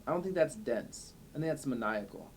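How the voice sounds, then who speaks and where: A man's voice: mid-range voice, animated, brisk. Male co-host, punchy and playful, mid-range voice, faint hiss behind. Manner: emphatic, playful, argumentative. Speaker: podcast co-host. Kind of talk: casual chat.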